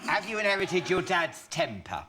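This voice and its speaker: A man's voice: high-pitched, big pitch swings, moderate pace, bright, forceful tone, slight background noise. A man hosting a chat show, asking questions with a playful, mock-scolding manner. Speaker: host.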